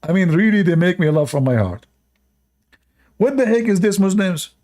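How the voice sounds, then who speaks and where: A man's voice: high-pitched, lively intonation, moderate pace, a little mellow. A man giving sarcastic commentary while reading religious stories aloud, often laughing at them. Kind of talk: mocking commentary on religious texts.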